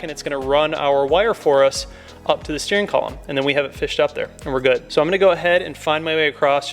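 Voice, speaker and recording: A man hosting a casual how-to, talking viewers through each step in a chatty, upbeat way. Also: fairly high pitch. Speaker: car mod tutorial host.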